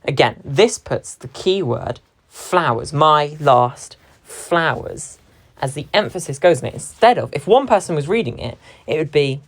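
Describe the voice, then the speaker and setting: A young drama performer with a deep voice reflects on how a stage scene's lines are shared among the actors. Expressive and slightly slow, she pauses to quote passages, leaning heavily on key words, and keeps an analytical, thoughtful tone throughout.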